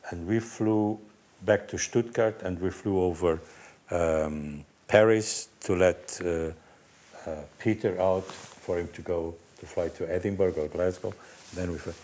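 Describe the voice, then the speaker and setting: A man's voice: deep voice, steady tone, a little slow, a little mellow. A middle-aged man, a team manager, telling stories in a casual panel chat, acting out the people he quotes and laughing often.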